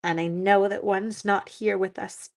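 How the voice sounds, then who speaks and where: A middle-aged woman, chatting on a live stream while crafting, warm-hearted and getting teary. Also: mid-range voice, steady tone, a little slow, creaky. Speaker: livestream crafting host.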